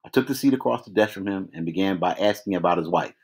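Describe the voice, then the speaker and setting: Deep-voiced man reading a novel aloud. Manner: measured, with occasional restarts. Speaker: reader. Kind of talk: read-aloud novel narration.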